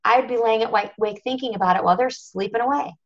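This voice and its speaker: A woman's voice: a little high, quick pace, lo-fi sound. A woman telling her own story on a team conference call, earnest and confessional, stressing her points with repetition. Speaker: national marketing director speaking on a team call. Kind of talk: motivational talk on a conference call.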